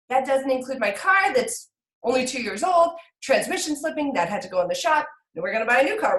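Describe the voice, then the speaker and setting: A woman in her thirties speaks candidly and emotionally to her team, her voice sitting a bit high and leaping higher when she gets agitated. She swears casually, and the room around her sounds echoey. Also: fast talker. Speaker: team leader sharing with her group. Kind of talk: candid talk to a team call.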